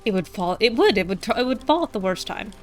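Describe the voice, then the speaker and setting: A woman's voice: medium pitch, very animated, a little fast, soft background music. A woman streaming a video game, reading its text aloud with wry, chatty asides.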